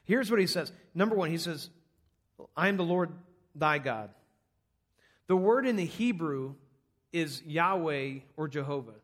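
A man's voice: on the high side, expressive, a little slow, long pauses. A man preaching an earnest, conversational sermon, walking through numbered points on a scripture passage. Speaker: pastor.

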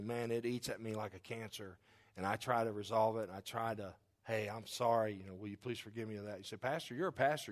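A middle-aged man, a pastor, preaching a sermon in a conversational, joking way, moving between loud outbursts and quiet confession. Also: medium pitch.

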